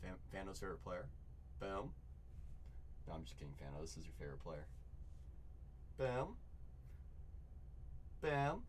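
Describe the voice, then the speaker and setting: A man hosting a live card break from a shop, excitedly chatting with viewers, repeating catchphrases and calling out their names. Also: sits low, unhurried, long pauses, a little hiss or hum. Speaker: livestream card break host. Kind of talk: excited live sales chat.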